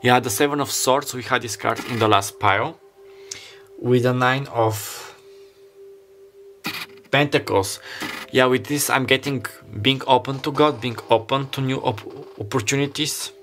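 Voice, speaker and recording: With soft music in the background, a man gives a pick-a-card tarot reading in a medium-pitched, fairly bright voice at a slightly slow pace. He rambles earnestly and is openly emotional, frequently stopping to restart and leaning heavily on "like."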